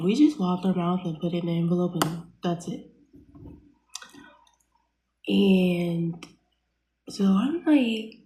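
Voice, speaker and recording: A young woman tells a story in a loose, casual vlog, with lots of fillers and blunt swearing. Her voice is mellow and warm. The room is echoey, and a faint hiss runs under her voice. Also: medium pitch. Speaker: vlogger.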